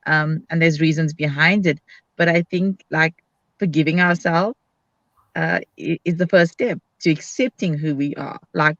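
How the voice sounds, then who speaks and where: A woman's voice: low-pitched, normal speed, fairly bright tone, dry recording. A woman hosting a casual live video chat, talking in a frank, upbeat way and acting out her own quotes. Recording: dull, dry lo-fi sound.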